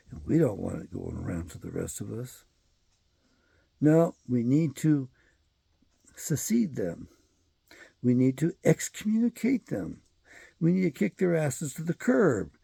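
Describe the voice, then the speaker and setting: A man's voice: mid-range voice, vocal fry, warm tone, slightly rough, no room sound. A man hosting his own show, delivering a rambling, profane and emphatic solo commentary monologue. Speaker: show host.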